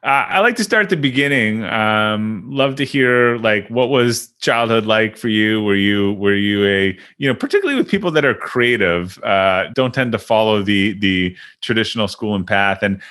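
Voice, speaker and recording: A podcast host with a fairly low male voice. He keeps the talk friendly and conversational, steering his guest with open questions and the odd filler as he goes. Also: lively intonation, moderate pace, hardly any pauses, fairly bright tone. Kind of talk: conversational interview.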